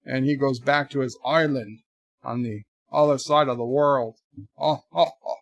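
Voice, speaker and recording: A man hosting a casual livestream, rambling through deadpan joke answers to viewer messages in a put-on mock accent. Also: mid-range voice, normal speed, creaky, no room sound, studio quality. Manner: rambling, jokey deadpan nonsense. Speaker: livestream host.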